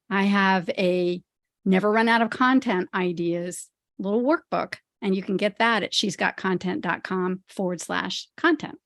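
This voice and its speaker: A woman's voice: mid-range voice, dry recording, clean studio sound. A friendly, chatty woman speaking as a podcast guest, who laughs easily. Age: older. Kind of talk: casual interview chat.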